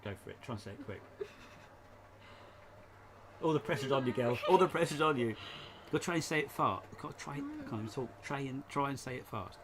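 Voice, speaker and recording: A man's voice: mid-range voice, animated, a little fast, fairly bright tone. Man, live stream host, rambling casual chat, laughs a lot, recorded in a shed, faint background noise. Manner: rambling, chatty, laughs often. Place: home shed.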